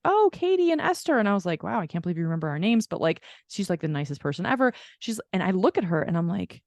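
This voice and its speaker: A woman's voice: lowish voice, no room sound, studio quality. A woman co-hosting a podcast, telling a long story in casual chat and acting out the people she quotes. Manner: animated storyteller who acts out quoted people. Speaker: podcast co-host.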